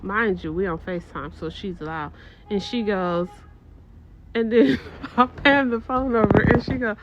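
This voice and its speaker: A middle-aged woman telling a casual story to her viewers, animated and swearing, with exaggerated disgust. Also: mid-range voice, unhurried, highs cut off, very noisy.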